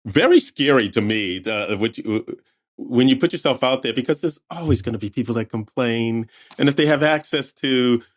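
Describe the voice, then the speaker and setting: A man's voice: medium pitch, moderate pace. A man hosting a podcast interview, chatty and enthusiastic, laughing often and throwing in asides. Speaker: podcast host.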